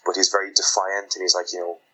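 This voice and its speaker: A man's voice: low-pitched, completely flat delivery, quick pace, bright, forceful tone, slightly rough, rough recording. A man co-hosting a podcast, casually reviewing a book and rambling as he acts out lines from it. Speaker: podcast co-host.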